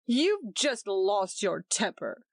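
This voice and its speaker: A woman's voice: mid-range voice, sing-song, takes it slowly, gravelly, no echo, heavily acted. A woman doing a smug, jovial, needling man. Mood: mocking. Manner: jovial then indignant.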